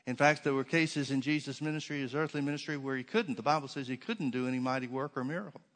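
A man's voice: mid-range voice, fast talker, fairly bright tone. A man preaching a sermon to his congregation in a church, emphatic, with many rhetorical questions and repeated phrases. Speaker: pastor.

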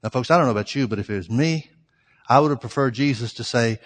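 An earnest man delivers a sermon, recounting a story to his congregation. His voice sits at a middle pitch. The sound carries a long, lingering reverb. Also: fast. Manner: storytelling, earnest, addresses listeners as folks. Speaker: preacher.

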